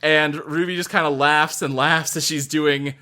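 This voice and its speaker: A man's voice: fairly high pitch, steady tone, moderate pace, bright, forceful tone. A man narrating and running a tabletop game in casual, profane talk. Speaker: game master.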